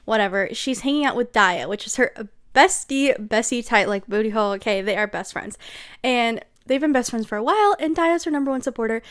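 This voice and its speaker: A woman's voice: fairly high pitch, animated, a little fast, clean tone. A young woman giving a casual, sarcastic book recap, gossipy and full of asides like "okay?". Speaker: book reviewer.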